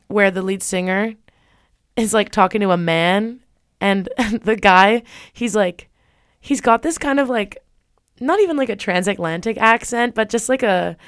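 A woman's voice: medium pitch, unhurried, clean tone, dry recording, clean studio sound. A young woman hosting a radio music show, chatting casually and rambling with many fillers and restarts. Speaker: radio host.

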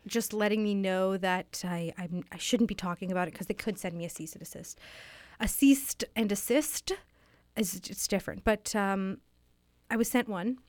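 Earnest halting woman, dry studio mic. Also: mid-range voice, fairly even intonation, no room sound. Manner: earnest, halting, wistful with many restarts. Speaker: interviewee playing a fictional author. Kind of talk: improvised comedy interview. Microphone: studio microphone.

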